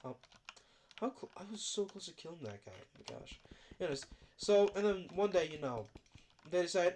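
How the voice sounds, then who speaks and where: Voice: mid-range voice, big pitch swings, moderate pace, long pauses, a little hiss or hum. A gaming video creator with a stuffy nose, talking casually and rambling with lots of fillers over gameplay. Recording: loud keyboard typing and clicks.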